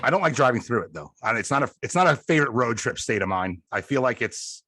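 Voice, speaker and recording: A man with a Long Island accent, hosting a podcast in a loose, excitable way and swearing freely. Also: mid-range voice, fast talker, no room sound, clean studio sound. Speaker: podcast host. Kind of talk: casual chat.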